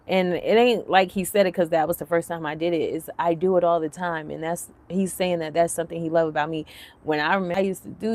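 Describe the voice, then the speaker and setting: A woman in her thirties hosting a live commentary stream, chatty and animated, laughing often, with lots of fillers. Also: lowish voice. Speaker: livestream commentary host. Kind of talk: casual commentary chat.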